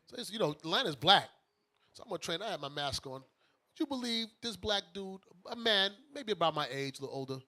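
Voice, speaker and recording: A man from Brooklyn tells a story in a high, bright voice, playing both sides of the conversation. His casual banter keeps moving. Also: animated, brisk. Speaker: bishop, radio show host.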